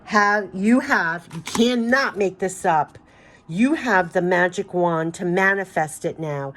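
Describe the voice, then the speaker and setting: A woman's voice: lowish voice, lively intonation, slow, a bit bright, slight background noise. A woman doing an emotional spiritual card reading, talking in a gushing, emphatic way and repeating phrases, her voice giving out. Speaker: tarot card reader.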